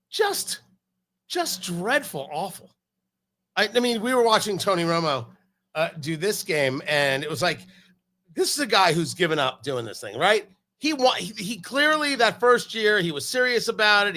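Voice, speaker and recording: A man's voice: sits high, very animated, a little slow, pushed and bright. A man hosting a casual chat about football, opinionated and emphatic, with frequent stumbling restarts. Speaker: podcast host.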